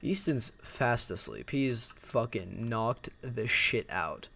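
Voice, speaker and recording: A man's voice: mid-range voice, lively intonation, slow, creaky, sharp tone. A young man telling a personal story in a loose, profane, rambling storytime vlog.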